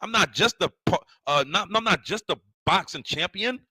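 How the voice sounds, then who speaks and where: New dude ranting on his stream, high sharp voice, keeps repeating himself. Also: expressive, normal speed, slightly rough, dry recording, low-quality recording. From New York City. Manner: ranting, repetitive, confrontational. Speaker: online show host. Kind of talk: heated livestream rant.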